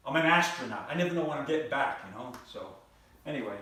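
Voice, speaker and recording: An older man tells his stand-up story in a deadpan way, repeating phrases as he builds to each punchline. His pitch swings widely. He is picked up from a distance in a very echoey room. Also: quick pace. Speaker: stand-up comedian. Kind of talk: stand-up comedy routine. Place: comedy club stage before a live audience.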